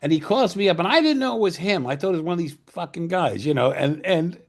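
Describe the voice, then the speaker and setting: A man's voice: on the high side, expressive, fast. A man in his sixties, a screenwriter, telling stories casually as an interview guest; rambling and profane, with lots of fillers and restarts. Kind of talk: casual anecdotal storytelling.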